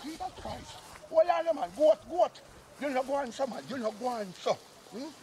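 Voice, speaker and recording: A man's voice: very high-pitched, animated, normal speed, a little mellow, slight background noise. A man doing a blustering old Jamaican uncle. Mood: scolding goat. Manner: blustery, boasting, scolding. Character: boastful old Jamaican uncle, proud ex-soldier. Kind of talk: comic sketch acting.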